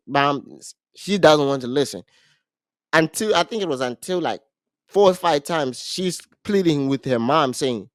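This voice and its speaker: A man with a somewhat high voice retells a movie plot on a casual podcast, animated and restarting his sentences often. The sound is dry and close. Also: a little slow, no room sound. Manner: animated storytelling with frequent restarts. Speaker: podcast co-host.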